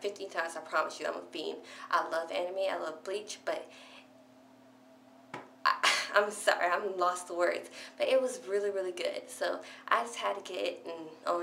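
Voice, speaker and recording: A young woman excitedly recapping a favorite show in a casual vlog, gushing and peppering her talk with "like". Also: mid-range voice. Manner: gushing, breathless fan chatter full of "like". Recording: echoey room with faint hum.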